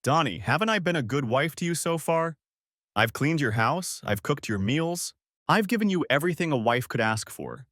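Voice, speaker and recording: Man doing a whiny, begging young wife for a storybook; high, swinging delivery. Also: animated, normal speed, fairly bright tone, no room sound, clean studio sound. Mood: pleading. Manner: whining, begging, tearful.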